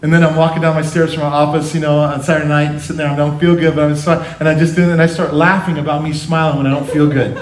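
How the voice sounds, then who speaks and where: A man preaching a sermon as pastor, animated, acting out quotes in changing voices. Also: on the high side, fast, hardly any pauses, slight background noise. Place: church sanctuary. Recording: echoey church hall.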